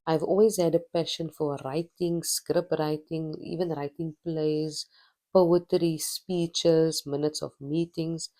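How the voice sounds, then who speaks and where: A woman's voice: low voice, warm tone. A woman from Cape Town with a Cape Town South African accent, playfully introducing herself in a casual vlog. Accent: Cape Town South African English.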